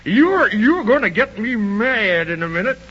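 Fussy old Man in the Moon, high sputtering voice that swoops a lot, slow, old muffled radio play sound. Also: very animated, pushed and bright, slightly rough, exaggerated voice. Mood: flustered. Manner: sputtering exclamations, quick to anger. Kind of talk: 1930s radio drama acting. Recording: muffled old radio recording, faint hiss.

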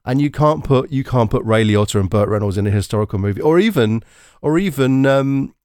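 Male podcast host, mid pitch, animated, rambling and blunt, dry close sound. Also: a little fast, clear, resonant tone, no echo. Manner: rambling, self-correcting, blunt opinions. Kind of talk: casual movie review chat.

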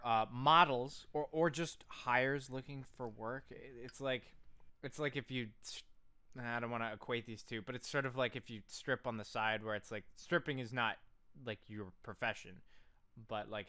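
A man's voice: medium pitch, fairly even intonation, moderate pace, bright, forceful tone, clear, resonant tone. A man co-hosting a comedy podcast, reading facts from notes and breaking into laughter. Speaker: podcast co-host.

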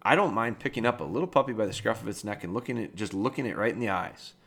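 Calm low-voiced man giving dog advice. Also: fast, vocal fry. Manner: relaxed, plainspoken, calm and matter-of-fact. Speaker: dog trainer podcast host. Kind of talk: casual advice talk.

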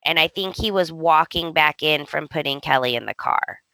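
Gravelly-voiced woman in casual chat. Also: low-pitched, normal speed, sharp tone, dry recording. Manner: chatty, reacting and adding opinions. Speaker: podcast co-host. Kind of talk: casual soap opera recap chat.

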